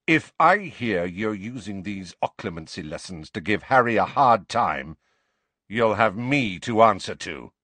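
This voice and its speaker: A man's voice: fairly low pitch, big pitch swings, measured pace, no room sound, full character voice. A man doing a hot-tempered, aggressive grown man. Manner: forceful, aggressive and loud.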